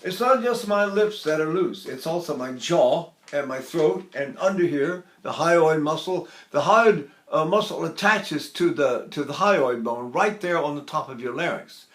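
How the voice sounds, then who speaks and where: A man's voice: a little high, animated, measured pace, hardly any pauses, fairly bright tone, reverberant. An older man teaching a singing lesson, explaining technique and breaking into short sung exercises. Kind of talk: singing lesson with vocal demonstrations.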